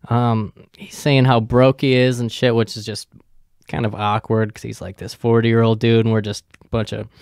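A man's voice: mid-range voice, flat delivery, normal speed, vocal fry, a little mellow, smooth, no room sound, clean studio sound. A young man hosting a podcast, telling a rambling story from work, swearing often and trailing off with ums. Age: young adult. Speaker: podcast host. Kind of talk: casual storytelling.

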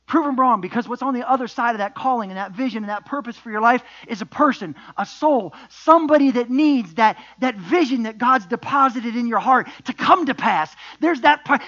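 A man's voice: very high-pitched, lively intonation, normal speed, fairly bright tone, dull audio. A middle-aged man preaching a sermon as pastor, emphatic, with repeated refrains and rhetorical questions.

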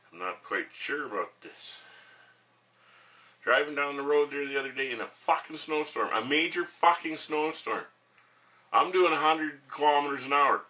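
A man's voice: mid-range voice, bright, forceful tone, far from the mic. A middle-aged man, ranting to camera at home in a crude, rambling way and swearing constantly. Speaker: vlogger. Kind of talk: profane rant to camera.

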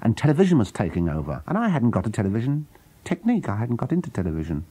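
A man's voice: medium pitch, huge pitch swings, racing, mellow, husky. A man answering questions in an archival radio interview, stammering and correcting himself emphatically.

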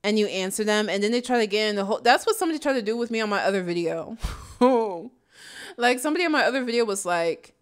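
A YouTube commentary host chats casually in a sassy way, laughing often. Her mid-range voice is smooth and animated, and she talks at a quick pace.

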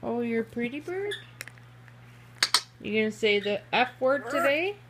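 A woman's voice: fairly high pitch, lively intonation, measured pace, fairly bright tone, a little hiss or hum. A woman at home talking to her pets in playful, teasing baby talk. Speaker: pet owner.

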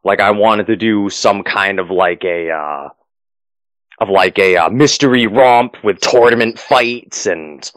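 A man's voice: on the low side, measured pace, fairly bright tone, no echo, poor audio. A man running a tabletop game as game master, narrating the finale and then chatting loosely with many fillers and restarts.

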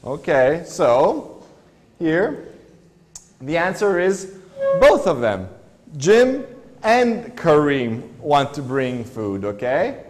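A man's voice: on the high side, huge pitch swings, extremely slow, long pauses, big-room sound, faint music behind. A man teaching an English lesson in a school classroom, patiently asking the class one question after another. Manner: patient, asks many questions.

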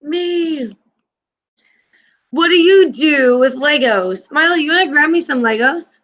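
A woman's voice: high-pitched, animated, takes it slowly, a bit bright, lo-fi sound. A woman teacher leading an online class, upbeat and encouraging with her students.

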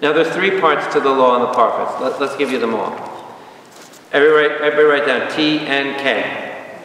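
A man teaching a Bible study as a priest, lively and questioning the audience, acting out little dialogues. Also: medium pitch, brisk. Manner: animated, asks the audience questions and acts out dialogues. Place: large hall with an audience. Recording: echoey hall, far from the mic, faint room noise.

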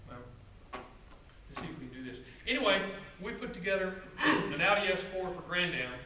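A man giving a guest-speaker presentation to a club audience, telling stories in a relaxed, conversational way with asides to the crowd. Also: high-pitched, normal speed. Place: meeting room with an audience. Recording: roomy, distant, faint background noise.

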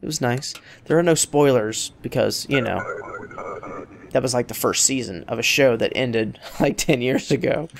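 A man's voice: medium pitch, moderate pace, creaky, slight background noise. A man casually commenting on his own gameplay, rambling and joking as he talks to the characters on screen. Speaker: let's play host.

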